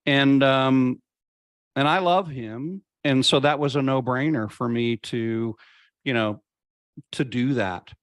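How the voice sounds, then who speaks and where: A man of middle pitch talks as an interview guest. He is earnest and reflective and drags out words when he wants them to land. The sound is dry and close, with no room echo. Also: a bit bright. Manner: earnest, reflective, slows down to stress points. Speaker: podcast guest. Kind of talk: conversational interview storytelling.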